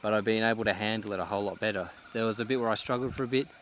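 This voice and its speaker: A man vlogging outdoors in a cleared pine forest, talking in a reflective, halting way with many restarts, a little out of breath. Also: fairly low pitch, fairly bright tone, a little hiss or hum. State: slightly out of breath. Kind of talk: casual vlog monologue. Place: outdoors in a cut-down pine plantation.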